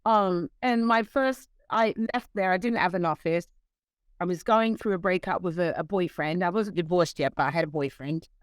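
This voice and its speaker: A woman interview guest telling stories in a lively way, acting out quoted voices. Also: fairly low pitch, moderate pace, clear, resonant tone, no echo. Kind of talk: storytelling in conversation.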